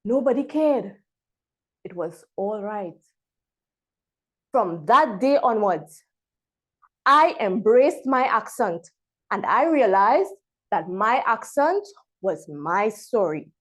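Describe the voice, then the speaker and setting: A woman from Trinidad and Tobago, giving a prepared speech over a video call and pausing dramatically between words. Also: medium pitch, big pitch swings, a bit bright. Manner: dramatic pauses, emphatic word-by-word delivery. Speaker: club member giving a speech.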